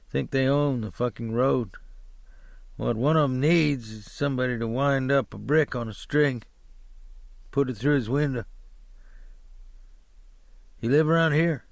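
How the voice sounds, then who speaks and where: A man's voice: medium pitch, dry recording, clean studio sound, lightly acted. A male audiobook narrator voicing a wild, profane hippie bus driver who rambles crudely and keeps pressing his point. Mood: insistent. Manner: crude, swearing, rambling and insistent. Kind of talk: audiobook character voice.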